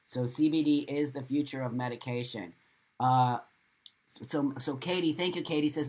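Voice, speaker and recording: A man's voice: medium pitch, steady tone, moderate pace. A middle-aged man hosting a live stream, reading viewer comments aloud and giving blunt, motivational advice with lots of repetition and the odd swear word. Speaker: livestream host.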